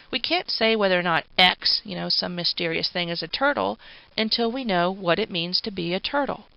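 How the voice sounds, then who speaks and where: Woman lecturer, patient explainer, casual asides, gravelly voice, dull lo-fi sound. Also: mid-range voice, no echo. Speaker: philosophy lecturer. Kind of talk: recorded lecture. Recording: dull, dry lo-fi recording.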